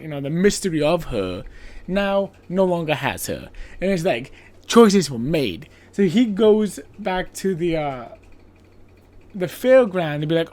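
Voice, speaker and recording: A podcast host casually recapping a movie plot, chatty and profane, with lots of filler words and quick asides. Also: medium pitch, a little mellow. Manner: acts out characters' lines in quoted voices.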